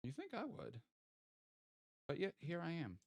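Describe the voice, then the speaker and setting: Lively, playful male game streamer. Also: a little high, a little slow, vocal fry, no echo. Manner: thinks aloud, playful teasing of chat. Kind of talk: casual live-stream game commentary.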